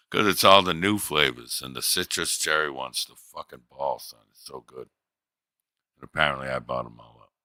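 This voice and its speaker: A low-pitched man rambles through a casual livestream, swearing freely and telling jokey stories. His tone is forceful and bright, recorded dry and close with no room sound. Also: animated, moderate pace, no echo. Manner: profane, joking storyteller with voice impressions. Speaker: livestream host. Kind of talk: casual rambling stream chat.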